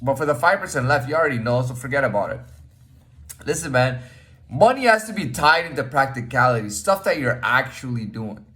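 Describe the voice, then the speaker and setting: Rambling man with a lively voice. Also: mid-range voice, brisk. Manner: rambling, repeats himself, frequent fillers and "man"; blunt, swears casually. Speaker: podcast host. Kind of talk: casual monologue.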